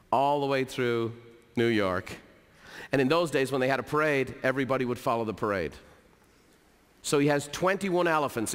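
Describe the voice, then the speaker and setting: Energetic man in a reverberant hall. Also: mid-range voice. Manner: energetic, storytelling, repeats for emphasis. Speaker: keynote speaker. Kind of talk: motivational business talk.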